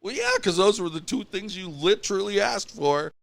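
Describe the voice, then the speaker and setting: A man co-hosting a podcast in casual chat, ranting in an animated way and mocking other people in quotes. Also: high voice, normal speed, gravelly, dry recording. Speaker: podcast co-host.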